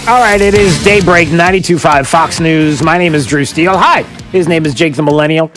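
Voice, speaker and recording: A man's voice: fairly high pitch, fast, hardly any pauses, fairly bright tone, soft background music. A man hosting a morning radio talk show, joking and rambling with lots of fillers and restarts. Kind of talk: casual morning radio chat.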